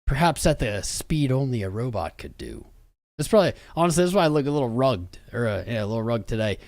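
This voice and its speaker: A man's voice: medium pitch, sing-song, quick pace, gravelly, darkish tone, dry recording. A young man hosting a crypto livestream in loose, slangy commentary full of hype, sounding tired after being up for hours. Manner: hype-driven, slangy, rambling. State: tired from a long day.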